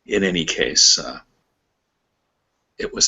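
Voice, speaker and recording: A man's voice: very deep voice, slow pace, gravelly, sharp tone, slightly rough, highs cut off. A man co-hosting a casual podcast chat, laughing often and rambling through stories. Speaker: podcast co-host.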